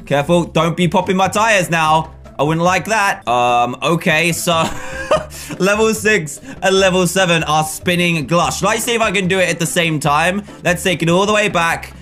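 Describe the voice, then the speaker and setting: A man giving excitable gameplay commentary, laughing often and bursting into shouts as he plays. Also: sits high, moderate pace, faint music behind. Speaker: gaming commentator.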